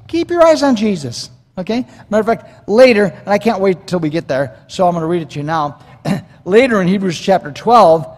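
A man preaching a verse-by-verse sermon as pastor, swinging from emphatic lines into quiet asides. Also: high-pitched. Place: church sanctuary. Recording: long hall reverb.

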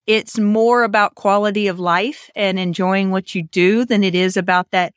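Speaking from home on Pacific time over a remote call, a woman hosts a podcast, chatting casually, laughing often and telling stories with animation. Her voice is medium-pitched at a normal speed, with studio quality and no echo.

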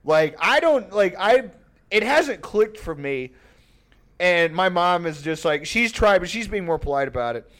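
A man's voice: high voice, sing-song, a little slow, fairly bright tone. A man telling a long, rambling, profane family story on a podcast, laughing often. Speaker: podcast host. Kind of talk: casual storytelling.

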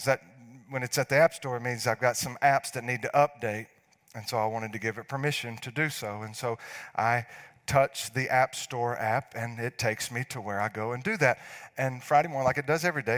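A middle-aged man delivers a sermon from the pulpit. His voice is bright and forward, and he swings between hushed, almost whispered lines and loud, emphatic preaching. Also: medium pitch. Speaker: pastor.

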